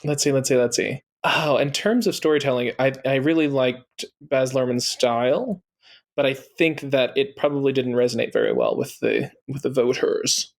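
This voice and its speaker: A man's voice: medium pitch, expressive, moderate pace, creaky. A man co-hosting a casual podcast, chatty and mock-indignant when he loses. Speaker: podcast co-host. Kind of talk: casual chat.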